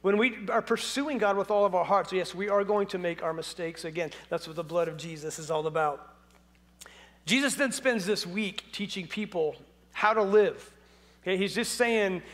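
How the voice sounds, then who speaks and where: A male pastor with a high voice preaching in a lively, animated way. He tells stories with jokes and bursts of emphasis. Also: moderate pace. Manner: animated, jokey storytelling preacher. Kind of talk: sermon.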